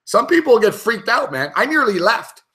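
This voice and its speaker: A man's voice: very high-pitched, moderate pace. A young man telling a rambling story on a chat show, swearing constantly as he talks. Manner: rambling, animated anecdote telling. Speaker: show panelist.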